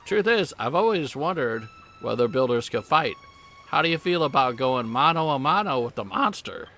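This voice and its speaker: A man's voice: medium pitch, lively intonation, normal speed, pushed and bright, faint music behind. A man voicing a cocky, taunting sailor who picks fights, in a put-on Southern drawl. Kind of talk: reading game dialogue aloud.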